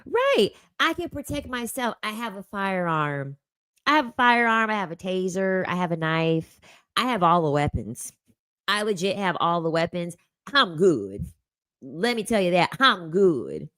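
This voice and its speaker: A woman's voice: on the low side, sing-song, unhurried, fairly bright tone, no echo. A woman, hosting a casual commentary chat, blunt and sassy, often repeating her phrases. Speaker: commentary host reading chat.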